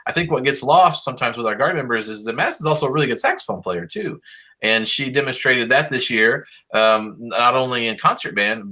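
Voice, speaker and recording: Over a video call, a middle-aged high school band director with a medium-pitched, pushed and bright voice praises his seniors. His talk is upbeat and rambling, full of fillers.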